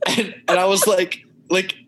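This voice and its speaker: A podcast co-host telling a story in a casual, halting way, full of restarts and fillers. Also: medium pitch, flat delivery, very noisy.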